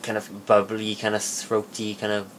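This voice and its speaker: A man giving a casual spoken tutorial, rambling and halting with many fillers and restarts. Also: on the low side, completely flat delivery, fairly bright tone, a little hiss or hum. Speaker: video tutorial maker.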